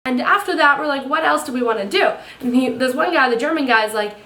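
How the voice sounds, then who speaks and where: A woman's voice: high-pitched, animated, fast talker, pushed and bright, faint music behind. A young woman narrating her travel vlog in a casual, rambling way, acting out what people said. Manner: chatty, rambling storytelling with quoted voices. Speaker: travel vlogger.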